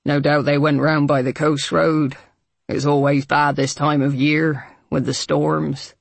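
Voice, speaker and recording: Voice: mid-range voice, level tone, a little slow, gravelly, no room sound, voice pushed down. A reader voicing a curt, stern old housekeeper. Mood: evasive. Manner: short, clipped, grudging speech. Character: stern older woman housekeeper, curt and irritable.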